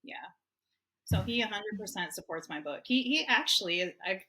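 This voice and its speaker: A woman's voice: medium pitch, expressive, normal speed, sharp tone, slight background noise. A woman in her fifties from Hawaii, a guest author telling personal stories in an open, emotional way and laughing often. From Hawaii, United States. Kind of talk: candid personal storytelling.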